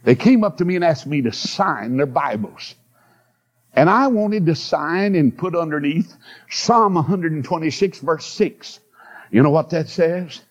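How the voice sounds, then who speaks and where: An older male preacher delivers an impassioned sermon on a dull, lo-fi recording. His fairly high voice climbs into shouted, stretched-out cries between folksy stories. He keeps pushing his listeners with repeated calls to listen. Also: animated. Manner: impassioned, swings into high shouted bursts with drawn-out words; storytelling with fillers and repeated "listen to me".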